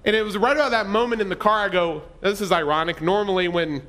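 A man's voice: sits high, quick pace, fairly bright tone. A middle-aged man pastor telling a personal story in a conversational, self-deprecating sermon.

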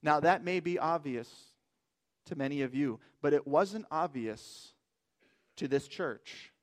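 Man, high voice, pastor, sermon, emphatic, rhetorical questions. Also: takes it slowly.

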